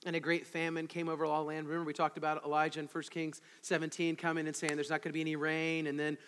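Male pastor, high voice, chatty animated sermon with asides to the room, long hall reverb. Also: fast, slight background noise. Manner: conversational, animated, with asides to the congregation. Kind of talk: expository sermon.

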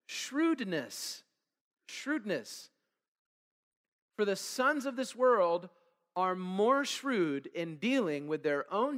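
A man's voice: sits high, a bit bright. A male pastor preaching a conversational sermon, reading scripture and checking in with the congregation with "okay?" and "all right?". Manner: reads scripture aloud and asks the congregation to fill in words. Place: church sanctuary. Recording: long hall reverb.

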